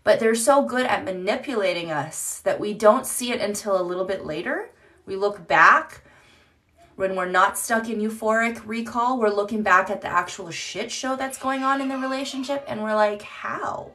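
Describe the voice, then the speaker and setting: A woman's voice: medium pitch, moderate pace, bright, forceful tone. A woman in her thirties hosting a casual live-stream chat from home on her phone, chatty, laughing often and swearing freely. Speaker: livestream host. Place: home, indoors.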